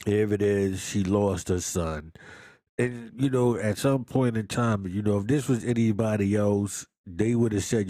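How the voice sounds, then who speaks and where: A man with a very deep voice talks through a movie review in an easy, unhurried drawl. His talk is loose and slangy, full of repeats and quick laughs. The sound is dry and close, with no room in it. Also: warm tone, no room sound. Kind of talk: casual chat.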